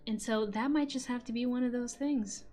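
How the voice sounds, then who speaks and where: A woman's voice: a little high, normal speed, mellow, soft background music. A young woman from Europe with a European accent, chatting casually with her stream audience, laughing often and swearing now and then. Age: young adult. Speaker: streamer and voice actor. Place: home room. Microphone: microphone on a desk stand.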